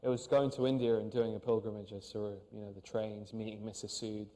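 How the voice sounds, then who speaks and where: A man, an actor, talking earnestly and haltingly in an interview on stage, with many restarts. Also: lowish voice, level tone, warm tone, in a large hall. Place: on a stage before an audience.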